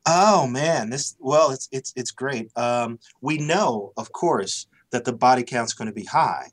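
A man's voice: medium pitch, animated, a little slow. A man as a podcast guest, speaking thoughtfully and often repeating words as he starts a thought. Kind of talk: casual podcast interview.

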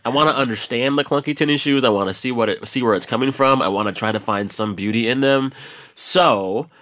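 A man's voice: mid-range voice, a little fast, a bit bright, no echo, studio quality. A man in his thirties hosting a radio talk show, chatting casually with a playful, self-mocking manner. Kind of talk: casual chat. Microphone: studio microphone.

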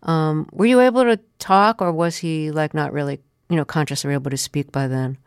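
A woman hosting a radio interview, recapping carefully and then asking measured questions. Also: sits low, clean tone, no echo, studio quality.

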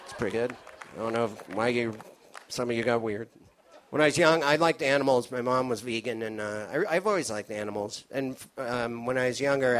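A man doing a live stand-up set, rambling and cutting himself off, nervous in tone. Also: medium pitch. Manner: rambling, self-interrupting, nervous. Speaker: stand-up comedian. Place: comedy stage with an audience.

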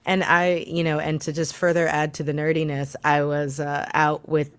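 A woman's voice: deep voice, little pitch movement, normal speed, clear, resonant tone. A woman co-hosting a casual political talk show, chatty and hesitant, with many fillers and restarts. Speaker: co-host.

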